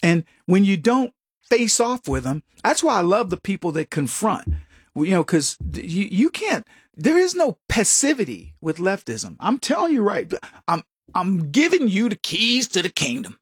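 Emphatic man with a lively high voice. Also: moderate pace, slightly rough, dry recording, studio quality. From United States. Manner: emphatic, combative, mocking quoted voices. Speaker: commentator. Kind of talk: opinionated monologue.

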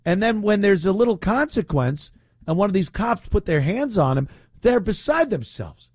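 A man's voice: high voice, big pitch swings, normal speed, darkish tone, breathy edge, dry recording, clean studio sound. A man hosting talk radio, speaking in a mocking, opinionated way. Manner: mocking, puts on whiny voices to ridicule. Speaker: radio talk show host.

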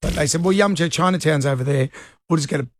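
A man's voice: on the high side, fast talker, dry recording, studio quality. A middle-aged Australian man hosting a radio show, telling a rambling story in casual chat. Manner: rambling anecdotes with laughs. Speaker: radio host.

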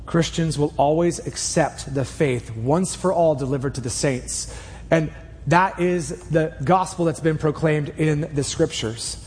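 A man preaching a sermon in a church, earnest and emphatic, speeding up and slowing down as he drives each point home. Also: fairly high pitch, darkish tone, long reverb tail, a little hiss or hum. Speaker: pastor. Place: church sanctuary. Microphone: clip mic.

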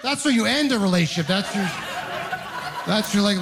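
A man's voice: high-pitched, lively intonation, moderate pace, pauses often, a bit bright. A young man doing a stand-up comedy set, telling wry rambling stories and mocking himself. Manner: wry, rambling storytelling with self-mocking asides. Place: live comedy venue with audience laughter.

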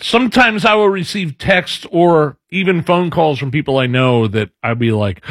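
A man's voice: a little high, normal speed, hardly any pauses, fairly bright tone, no room sound. A married man co-hosting a radio talk show from a studio, teasing and asking questions. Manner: teasing, asks lots of questions. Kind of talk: casual morning radio banter.

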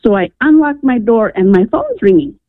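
A woman's voice: a little high, big pitch swings, normal speed, dry recording. A woman caller telling a personal faith story in earnest, acting out the people she quotes. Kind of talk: personal testimony over the phone. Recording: tinny phone line.

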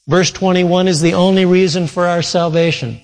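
A man's voice: sits high, fairly even intonation, normal speed, long reverb tail, poor audio. A man preaching a sermon, earnestly retelling a story with quoted dialogue.

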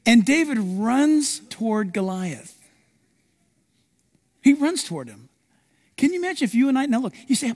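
Animated pastor preaching in a hall. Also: male voice, extremely high pitch, moderate pace, pauses often. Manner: animated, dramatic storytelling with acted-out quotes. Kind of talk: sermon.

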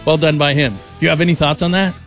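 A man's voice: fairly high pitch, fairly even intonation, fast, a bit bright, faint music behind. A man hosting a sports radio show, talking casually and praising callers with enthusiasm.

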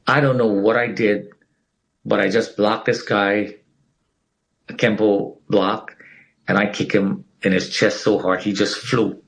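As an interview guest, a man with a lowish voice shares something from his own life at a measured pace, animatedly voicing the lines other people spoke.

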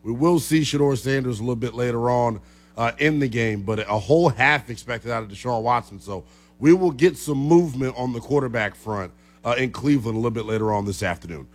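A man's voice: mid-range voice, fairly quick. A young man hosting a sports talk radio show, chatty and joking with callers. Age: young adult.

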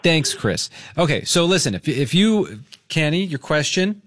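A man hosting a radio talk show, teasing his co-hosts in quick casual banter from the studio. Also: fairly high pitch, sing-song, noisy background.

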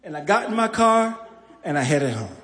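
Live on stage, a New Yorker tells a personal story, acting out voices and laughing often in a slightly high, sing-song, somewhat bright voice at normal speed. The recording carries long hall reverb and faint crowd ambience.

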